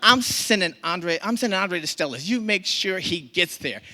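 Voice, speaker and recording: A man voicing a stern older neighborhood mama who loudly scolds a boy, pitched well above his own voice, in a live stage reading. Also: very animated, measured pace, breathy edge, heavily acted. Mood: commanding. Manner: loud, scolding, fussing.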